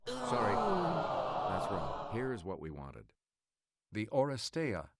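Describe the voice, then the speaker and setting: Man reading quiz clues in a lively voice. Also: mid-range voice, noisy background. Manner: measured, crisp clue reading. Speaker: quiz show host. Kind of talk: scripted quiz hosting.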